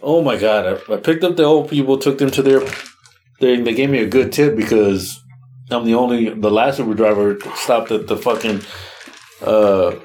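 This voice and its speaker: A man's voice: medium pitch, normal speed, a little mellow, slight background noise. A man, co-hosting a podcast and telling a long story in casual chat, acting out his own reactions and swearing freely. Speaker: podcast co-host.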